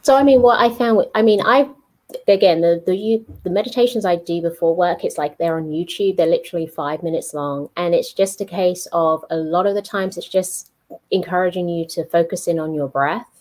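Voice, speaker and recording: A woman who is a podcast guest, explaining in a relaxed, thoughtful, gentle way. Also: fairly low pitch, fairly quick, rough recording. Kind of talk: casual interview chat.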